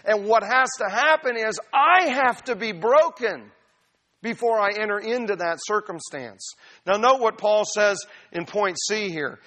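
High, bright-voiced preacher man. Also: a little slow. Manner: conversational, emphatic preaching with personal stories. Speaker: pastor. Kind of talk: expository sermon.

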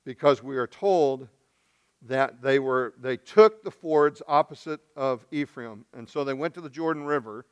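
A man from Arkansas, preaching a sermon and acting out the voices in the story, swinging from loud to hushed. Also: mid-range voice, measured pace, smooth. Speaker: pastor.

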